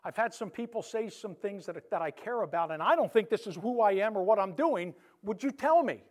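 A male pastor giving an animated sermon, moving between loud emphasis and soft, hushed moments. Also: high voice, fairly quick.

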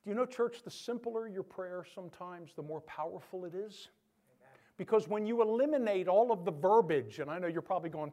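A man's voice: high-pitched, normal speed. A man pastor preaching a sermon, joking with the congregation and acting out Bible figures in voices. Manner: animated, joking asides to the congregation.

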